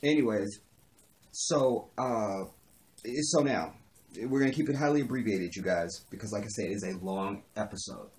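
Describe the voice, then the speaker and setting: Male reviewer with a fairly low voice, loose, sarcastic recap style that circles back and repeats itself. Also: normal speed, a little mellow. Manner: sarcastic, rambling, profane, repeats phrases for comic effect. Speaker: TV show reviewer. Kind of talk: casual episode recap and commentary.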